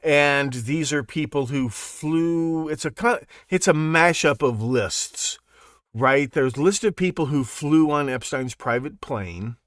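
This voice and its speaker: A man hosting a live podcast, talking in a rambling, animated monologue full of restarts and asides. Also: a little high, slow, no echo, clean studio sound. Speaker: podcast host. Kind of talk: casual monologue on a live show.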